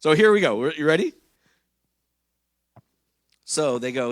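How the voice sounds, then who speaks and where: A man's voice: on the high side, expressive, unhurried, no room sound, studio quality. Chatty man preaching a sermon. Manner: chatty, jokey, keeps checking in with the congregation. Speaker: pastor. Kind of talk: conversational sermon. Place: church.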